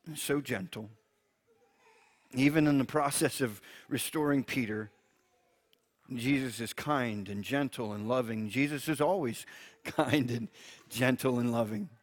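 Male preacher with a mid-range voice, gentle, reads scripture aloud and laughs softly. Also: medium pitch, slow pace, pauses often. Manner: gentle, chuckles often, repeats words when restarting. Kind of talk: Bible teaching, reading scripture aloud.

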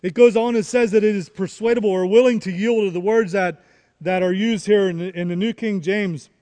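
A man's voice: high-pitched, fairly even intonation, brisk, dark tone, in a large hall. A man preaching a sermon, repeating key phrases and rising into emphatic questions. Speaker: pastor.

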